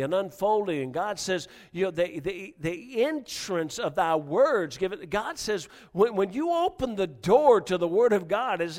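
Middle-aged man preaching, highish voice, lots of repeated words, gets loud. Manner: stammering restarts, swings from quiet to loud. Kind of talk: sermon.

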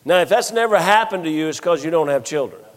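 A middle-aged man preaching a sermon, telling funny family stories with animated delivery and acting out the voices of the people he quotes. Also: on the high side, quick pace. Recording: long reverb of a large hall.

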